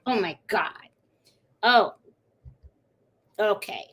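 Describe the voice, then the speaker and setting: This is a middle-aged crafting livestreamer with a fairly high voice and a slightly slow delivery. She rambles along casually, stopping occasionally to coo at her dog.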